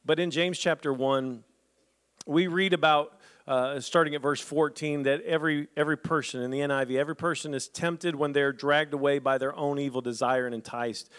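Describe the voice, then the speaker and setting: A man pastor preaching a sermon, reading scripture aloud with lively humorous asides to the congregation. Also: fairly high pitch, clear, resonant tone.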